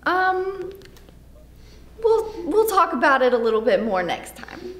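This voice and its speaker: Role: group therapist. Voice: very high and lively. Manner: calm and coaxing. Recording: roomy echo. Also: female voice, slow. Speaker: therapist running a group session. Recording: roomy echo, faint hum.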